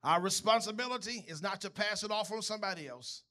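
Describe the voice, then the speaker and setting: Preacher, high bright voice, chatty sermon style that keeps asking the congregation questions. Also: male voice, quick pace. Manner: conversational, asks the congregation questions. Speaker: pastor. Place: church.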